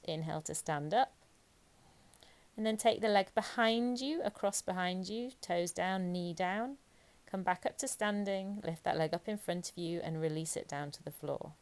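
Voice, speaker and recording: A woman yoga instructor, giving calm, encouraging step-by-step cues through a flow class. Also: on the low side. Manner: calm, encouraging cueing with occasional light laughs.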